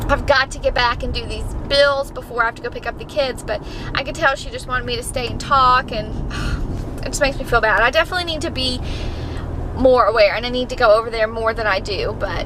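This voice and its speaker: A young woman talking casually to her phone camera while running errands, rambling with fillers. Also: high-pitched. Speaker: family vlogger. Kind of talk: casual vlog chat. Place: in a car and around town. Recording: phone audio with road noise.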